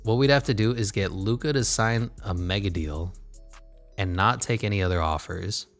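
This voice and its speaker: A gaming channel host commentates his basketball video game casually and sarcastically, swearing and muttering asides. His voice is lowish at a normal speed, with faint music playing behind him.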